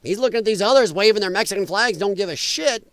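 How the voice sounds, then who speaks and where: A male livestream host with a fairly high voice, recorded close and dry with no room sound. He talks casually and bluntly, answering viewers' comments, animated and quick to laugh. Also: no room sound. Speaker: livestream talk show host. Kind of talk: casual live chat, reading viewer comments.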